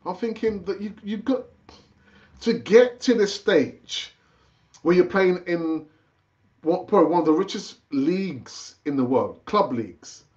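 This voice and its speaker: A man hosting a casual live-stream football chat, chatty and animated, rambling with fillers and restarts, his pitch jumping up when he gets excited. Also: unhurried, lo-fi sound. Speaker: football channel host.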